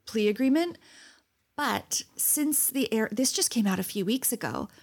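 A woman's voice: a little high, a little slow, husky. A woman co-hosting a podcast in casual chat, telling stories with lots of laughter and acted-out quotes. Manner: animated storyteller, laughs often, acts out quotes. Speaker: podcast co-host.

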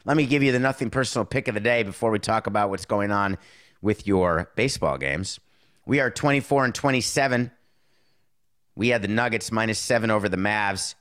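A middle-aged man hosting a casual talk show, riffing sarcastically on movies and sports, jumping between loud outbursts and muttered asides. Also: lowish voice. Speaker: show host.

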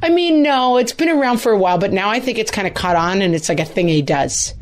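Wry, animated woman co-hosting a chat. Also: mid-range voice, quick pace. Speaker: podcast co-host. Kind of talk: casual chat.

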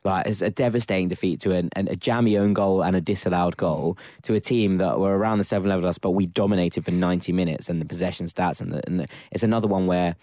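A man on a football podcast panel, telling animated stories and acting out what people said. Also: deep voice, quick pace, hardly any pauses, no echo, clean studio sound. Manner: animated storyteller, laughing, acts out quotes. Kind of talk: casual football podcast chat.

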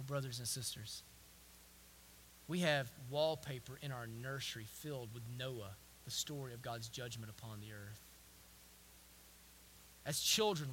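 A young man preaching a sermon, swinging from hushed storytelling to loud emphatic preaching, with repeated phrases and restarts. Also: mid-range voice, slight background noise. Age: young adult. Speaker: pastor.

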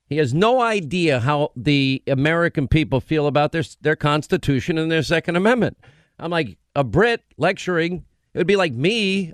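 A man's voice: fairly high pitch, dry recording, studio quality. A man in his fifties hosting a radio talk show, chatting casually and cutting in with quips. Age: 50s. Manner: animated, interrupting, quips.

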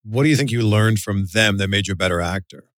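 A man's voice: on the low side, quick pace, a bit bright, dry recording, clean studio sound. A man hosting an interview, asking curious questions in an easygoing, casual way. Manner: curious, easygoing, laughs along. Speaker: interview host.

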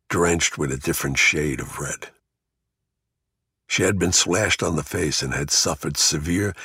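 A man's voice: very deep voice, fairly bright tone, breathy edge, dry recording, clean studio sound. A man narrating a first-person crime memoir in a blunt, gritty way, swearing freely. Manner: gritty, blunt storytelling with profanity.

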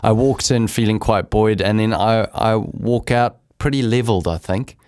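A man's voice: lowish voice, moderate pace, a little mellow, clean tone, no room sound, clean studio sound. A man from South Africa with a South African accent mixed with New Zealand tones, chatting on radio in a self-deprecating way. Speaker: radio co-host, former athlete. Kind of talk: casual radio chat. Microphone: studio microphone.

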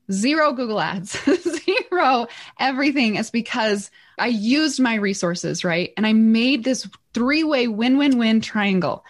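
A middle-aged woman who co-hosts and runs a business, telling stories in an excited, animated way. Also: fairly high pitch. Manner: excited, animated storytelling with laughs. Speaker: podcast co-host and business owner. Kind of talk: casual chat.

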